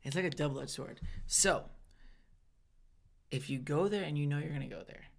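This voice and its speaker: A man's voice: on the high side, moderate pace, gravelly. A man, a stand-up comedian, telling profane stories in casual podcast chat and acting out the people in them. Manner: profane storytelling, acting out quotes. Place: Los Angeles comedy scene.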